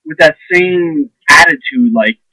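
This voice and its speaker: A man's voice: on the high side, measured pace, sharp tone, no room sound, poor audio. Blunt, sarcastic young man ranting. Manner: blunt, sarcastic, profane, rambling. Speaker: vlogger. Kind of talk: casual ranting monologue.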